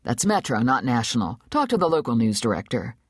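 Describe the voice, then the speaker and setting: A woman doing a raspy, barking news boss. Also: very deep voice, very animated, a little fast, no echo, studio quality, exaggerated voice. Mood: scornful. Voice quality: raspy alto. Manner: barking, curt. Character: powerful, impatient older woman news executive.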